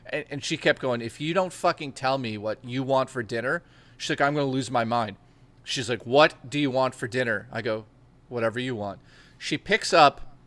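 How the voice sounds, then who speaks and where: A young man in casual chat, telling crude, animated stories with plenty of swearing and laughter. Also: medium pitch, no room sound.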